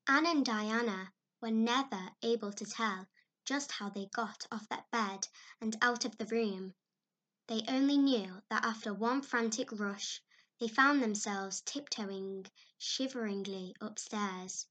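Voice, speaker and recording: A woman narrating a classic storybook in an expressive, animated way. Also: mid-range voice, unhurried.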